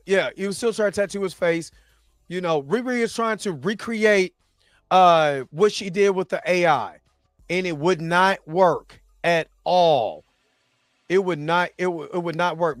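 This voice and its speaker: A man's voice: sits high, normal speed, no room sound, studio quality. A man hosting a reaction show, recapping episodes in a loose, slangy, rambling way full of restarts and asides.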